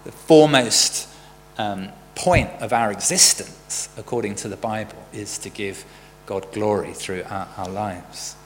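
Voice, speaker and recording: This sermon comes from a man with a voice on the low side, speaking at a measured pace in a conversational, storytelling way and including a joke. The sound carries church hall reverb with a faint hum.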